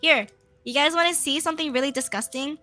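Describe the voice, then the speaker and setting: A sick woman with a raspy, stuffy-nosed voice, chatting playfully as a guest on a live stream. Her voice sits a little high and sounds bright and sharp, with faint music in the background. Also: fast. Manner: playful, joking, giggly. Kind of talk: casual live-stream chat.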